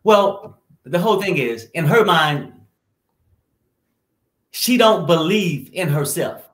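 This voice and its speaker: A man's voice: on the high side, lively intonation, slow pace, fairly bright tone, roomy sound. A man co-hosting a casual chat, giving his opinions at length and talking over the others. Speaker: co-host.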